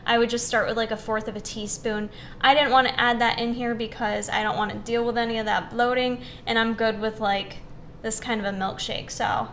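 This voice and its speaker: Chatty young woman with a higher voice. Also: level tone, brisk, a bit bright, slight background noise. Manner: chatty, upbeat, frequent "um" and "like". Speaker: fitness recipe host. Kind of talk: casual recipe demonstration.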